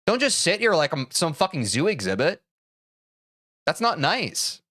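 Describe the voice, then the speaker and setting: Young guy streamer venting at chat, swears a lot, bright voice jumping all over, super dry close mic. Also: fairly high pitch, measured pace, no echo. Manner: heated, swears a lot, switches to calm apologies. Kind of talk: ranting to live chat.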